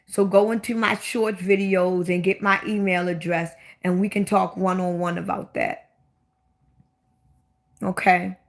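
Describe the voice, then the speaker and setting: A woman's voice: fairly low pitch, level tone, measured pace, vocal fry. A woman with a Baltimore accent, chatting bluntly and at length on her own livestream, often repeating her questions for emphasis. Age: older than 25. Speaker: livestream host. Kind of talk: casual livestream chat.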